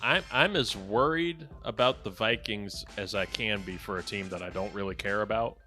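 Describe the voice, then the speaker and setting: A man's voice: on the low side, normal speed, bright, forceful tone, faint music behind. A young man hosting a casual sports podcast, joking and keeping the countdown moving. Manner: joking, upbeat, runs the countdown. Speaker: podcast host.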